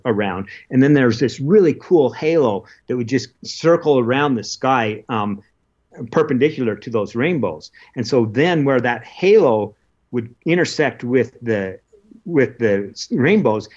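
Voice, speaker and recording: A man telling the story of his expedition in an interview, earnest and halting, with many restarts. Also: mid-range voice, expressive, darkish tone, muffled recording. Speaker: interview guest, polar adventurer. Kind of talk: casual recounting of an expedition.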